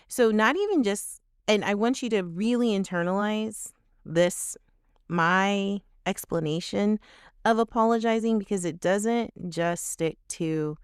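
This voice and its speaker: A woman hosts her podcast alone, speaking in an unhurried, deliberate way. Her voice is smooth and clean and sits close and dry to the mic. She talks frankly and emphatically, and a casual cuss slips in now and then. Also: on the low side, no room sound. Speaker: podcast host. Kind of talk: candid solo podcast monologue.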